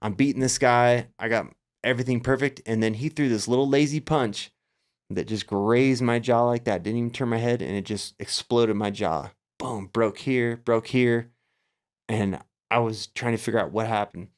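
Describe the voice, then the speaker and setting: Animated middle-aged man telling a story. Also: mid-range voice, normal speed. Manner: animated storyteller acting out his own past thoughts. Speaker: podcast guest. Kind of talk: casual storytelling interview. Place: Las Vegas area.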